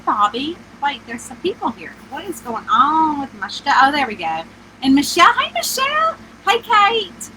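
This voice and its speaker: This middle-aged author hosts a loose, casual livestream on her phone inside a small camper, the air conditioner running, and she greets every viewer by name. She speaks in a high, squeaky, twangy voice, bright and sharp and well up in the higher range. The audio is poor, with slight background noise.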